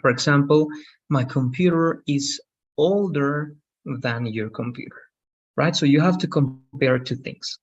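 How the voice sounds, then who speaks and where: A man's voice: a little high, slightly rough, highs cut off. A man teaching an online English lesson. He is patient, repeats each rule and keeps checking with "right?".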